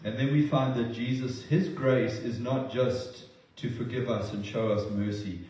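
A man's voice: mid-range voice, steady tone, unhurried, mellow. A man preaching a sermon in an earnest, emotional way, often restarting his words. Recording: roomy distant sound.

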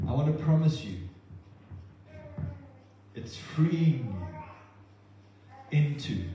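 A man preaching a sermon, impassioned and at times halting and emotional. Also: mid-range voice, lively intonation, warm tone, slight background noise. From not from New Zealand. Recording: echoey hall, distant mic, dull sound.

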